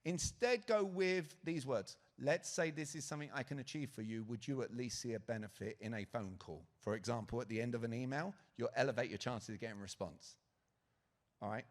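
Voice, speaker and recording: A man's voice: medium pitch, brisk. A man giving a live sales talk at a conference, asking the audience questions and acting out quotes. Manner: lively, asks the audience questions, acts out quotes. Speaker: conference speaker. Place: conference hall stage.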